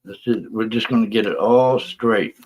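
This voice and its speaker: A man's voice: lowish voice, fairly even intonation, moderate pace, darkish tone, slight background noise. A man hosting a casual live stream, rambling and profane as he defends himself, out of breath. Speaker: livestream host.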